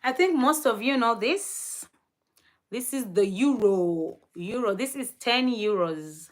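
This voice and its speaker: A woman's voice: fairly high pitch, lively intonation, slow pace. A young woman from Kenya hosting a casual livestream, chatting about places she wants to visit, gushing and laughing often, and answering viewer comments aloud. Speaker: livestream host. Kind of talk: casual live-stream chat.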